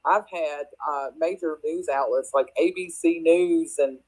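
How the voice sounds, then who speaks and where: A woman's voice: deep voice, measured pace, a little mellow, low-quality recording. Chatty Appalachian Kentucky woman. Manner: chatty, laughs often, many restarts. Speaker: crypto project guest. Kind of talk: casual live audio chat. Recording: online audio space.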